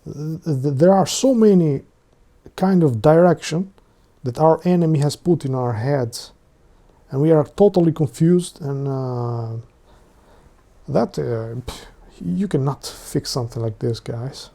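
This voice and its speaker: Male stream host, slightly higher voice, halting, mocking commentary. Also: warm tone. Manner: halting, many fillers and restarts, mocking. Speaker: live stream host reacting to a video. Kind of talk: casual commentary.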